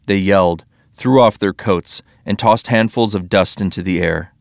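Low-voiced man reading scripture. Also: moderate pace, no room sound, clean studio sound. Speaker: scripture reader.

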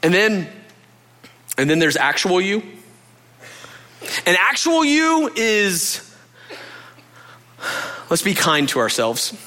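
A man's voice: high-pitched, big pitch swings, slow pace, long pauses, bright, forceful tone. A man preaching a conversational sermon as a pastor, earnest and confessional, speaking straight to his listeners.

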